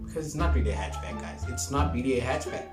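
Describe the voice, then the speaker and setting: A man's voice: mid-range voice, animated, fast, music in the background. Emphatic young man with a roomy echo. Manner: emphatic, repeats points, laughs often. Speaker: car vlogger. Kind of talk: casual car review vlog.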